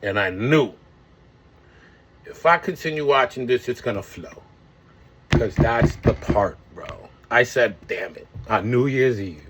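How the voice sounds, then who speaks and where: A man's voice: medium pitch, unhurried, fairly bright tone, a little hiss or hum. A man in his forties talks to his viewers in a casual vlog, rambling, swearing and full of slang. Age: 40s. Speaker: vlogger. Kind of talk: casual monologue.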